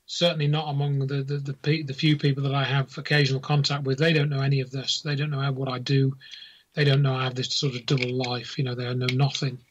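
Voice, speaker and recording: A man talking earnestly in casual chat, halting at first, then emphatic. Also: mid-range voice. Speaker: guest. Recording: dull lo-fi audio.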